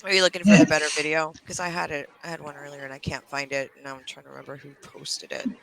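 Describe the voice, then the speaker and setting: A man co-hosting a casual talk show, talking excitedly while hunting for video clips. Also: fairly high pitch, fast talker, vocal fry, a crowd in the background, poor audio. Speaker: podcast co-host. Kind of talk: casual chat.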